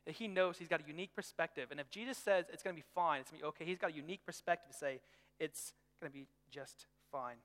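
A man preaching a sermon to young people in a lively, conversational way, with everyday stories. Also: fairly high pitch, fast, long reverb tail. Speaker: youth pastor.

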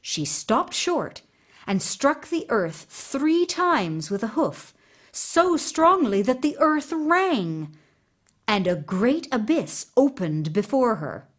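A woman reading a fairy tale aloud, her fairly high voice rising and falling with great expression. She takes her time, unhurried and expressive. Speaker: storyteller.

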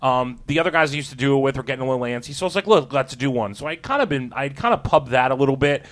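A man's voice: medium pitch, animated, racing, fairly bright tone. A man co-hosting a podcast, telling a story in casual chat and laughing often. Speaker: podcast co-host.

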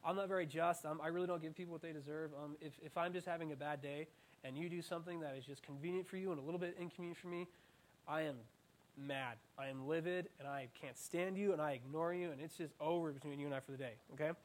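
High-voiced animated young male preacher. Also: fast. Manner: animated, playful, self-mocking asides. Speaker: student preacher. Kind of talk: interactive sermon.

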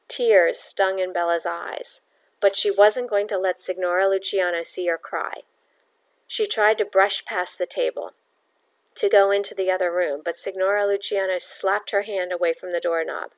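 A woman reading a novel aloud at a mid pitch. Her delivery is steady and plain, carrying the narration evenly. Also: normal speed. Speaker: audiobook reader.

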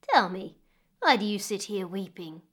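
Gentle lowish old crone, slow and kind, woman reading it out. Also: lively intonation. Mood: soothing. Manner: slow, soothing. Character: odd crooked old woman with huge foot, kindly.

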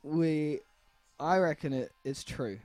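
A man's voice: fairly high pitch, slow, darkish tone, dry recording, faint music behind. A man co-hosting a casual podcast, giggling as he poses crude hypothetical questions. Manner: giggling, posing cheeky hypotheticals. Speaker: podcast co-host.

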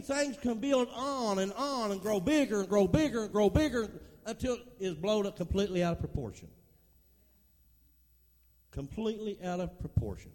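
A man's voice: high-pitched, a little mellow. A middle-aged man preaching a folksy sermon, calling out to the congregation. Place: church. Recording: long hall reverb.

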